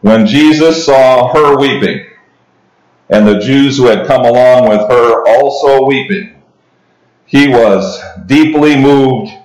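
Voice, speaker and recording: A man's voice: medium pitch, a little mellow. A man preaching an expository sermon, reading scripture and explaining it in a conversational way, with restarts and asides to the congregation. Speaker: pastor. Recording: roomy echo.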